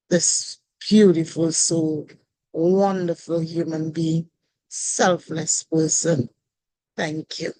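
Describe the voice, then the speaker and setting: Slow, hoarse woman hosting a video call. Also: on the low side, dark tone, no room sound, rough recording. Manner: slow, emotional, grateful, with pauses. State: hoarse, voice worn out. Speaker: host of an online panel. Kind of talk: heartfelt thank-you speech on a video call.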